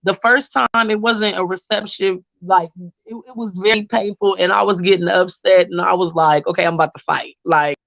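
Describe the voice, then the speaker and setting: A woman's voice: medium pitch, moderate pace, creaky, dry recording, low-quality recording. A woman telling a story in a casual video-call chat, acting out the voices of the people in it and saying "like" often. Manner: animated, acts out quoted voices, frequent "like". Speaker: panel guest.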